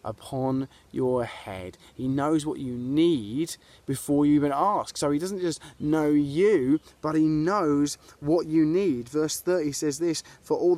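A man's voice: on the high side, darkish tone. A man preaching a sermon to people watching online, earnest and conversational, asking his listeners questions as he goes. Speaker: pastor. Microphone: video to online viewers.

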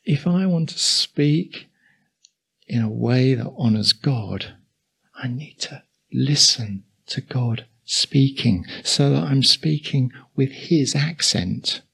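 A man's voice: mid-range voice, animated, creaky, a bit bright, breathy edge. An older man with an Essex accent preaching a sermon in a conversational way, full of asides to the congregation. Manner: conversational, with asides and quick chuckles.

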